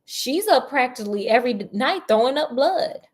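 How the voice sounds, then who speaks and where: A woman's voice: high voice, lively intonation, normal speed. A woman voicing an evasive teenage schoolgirl in a storybook reading, talking in a defensive way.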